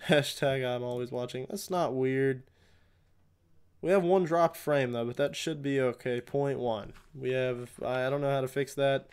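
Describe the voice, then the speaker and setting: A man's voice: mid-range voice, fairly even intonation, a little slow, a little mellow, smooth. A young man casually chatting with his viewers during a gaming livestream, rambling and answering chat while he plays. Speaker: live streamer.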